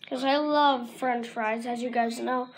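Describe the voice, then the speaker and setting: High-pitched rambling female vlogger. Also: fairly even intonation, a little slow. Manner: rambling, jumps between topics. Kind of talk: casual rambling vlog. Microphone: camera mic. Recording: loud background noise with clicks.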